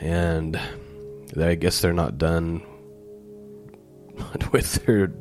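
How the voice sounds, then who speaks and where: A man with a very low, deep voice reads scripture passages aloud, then breaks off to explain them in plain, casual asides. He sounds like a Bible teacher walking through the text. Faint music plays under his voice. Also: fairly even intonation, drawn-out words, darkish tone. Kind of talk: scripture reading with commentary.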